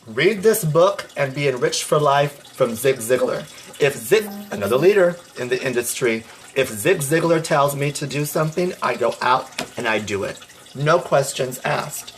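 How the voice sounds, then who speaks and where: A man's voice: mid-range voice, slight background noise. A man gives a motivational pep talk on a phone livestream. His delivery is emphatic and preachy, and he breaks off to answer viewer comments. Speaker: livestream host.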